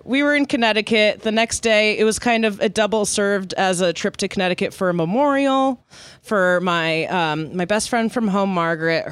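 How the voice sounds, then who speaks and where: A woman's voice: on the low side, clear, resonant tone, no room sound. Chatty woman telling a funny story. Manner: animated, laughs often, voices people in quotes. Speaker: podcast co-host. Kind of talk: casual storytelling chat.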